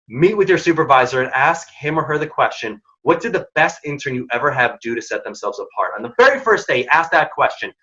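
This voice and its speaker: A man's voice: fairly high pitch, sharp tone, lo-fi sound. A man hosting a career workshop, giving direct, emphatic advice in short punchy lines. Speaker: program founder and workshop host.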